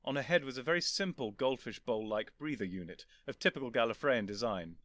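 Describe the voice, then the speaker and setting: A man reading a story aloud as narrator, in a lively, expressive storytelling manner. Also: mid-range voice, brisk, dry recording, studio quality. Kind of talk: scripted audiobook narration.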